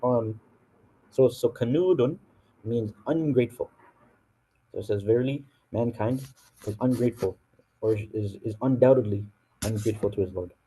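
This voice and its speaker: A man's voice: medium pitch, moderate pace, long pauses, slight background noise, low-quality recording. A man with a North American accent explaining Quranic verses in a casual classroom way, with many fillers and restarts. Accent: North American English. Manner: relaxed, full of fillers and restarts. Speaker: Quran teacher.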